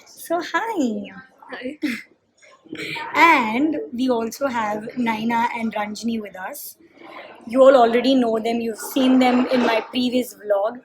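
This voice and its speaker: High-voiced young woman vlogging. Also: steady tone, measured pace, noisy background. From Chennai, India. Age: young adult. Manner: chatty, talks straight to viewers with fillers. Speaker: college student vlogger. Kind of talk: casual vlog talk to camera.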